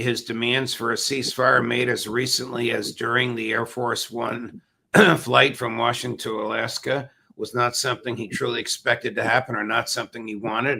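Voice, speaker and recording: An older man hosting a commentary interview show, asking measured, probing questions. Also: medium pitch, creaky, sharp tone, a little hiss or hum. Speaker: host.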